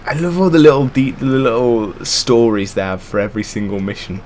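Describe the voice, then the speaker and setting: This young man's mid-range voice is expressive, brisk and a little mellow as he sarcastically rants over a game, swearing heavily and frequently laughing. A faint hiss or hum sits under the audio.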